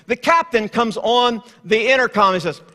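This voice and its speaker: Bright high-voiced man preaching in a hall. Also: normal speed. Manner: storytelling, swings from hushed to lively. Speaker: guest preacher. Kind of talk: sermon. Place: church sanctuary. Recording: long hall reverb.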